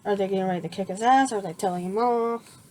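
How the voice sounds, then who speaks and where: A woman narrating an improvised fan story, halting often and restarting her sentences. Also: mid-range voice, dark tone, a little hiss or hum. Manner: halting, with many fillers and restarts.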